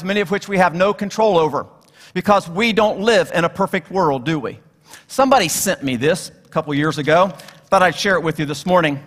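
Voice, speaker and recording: A high-voiced man delivers a sermon from the pulpit, moving between teaching and storytelling with touches of humor. His voice rings out with a long reverb tail that fills the church. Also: fairly bright tone. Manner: storytelling with jokes, acting out characters. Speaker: guest preacher.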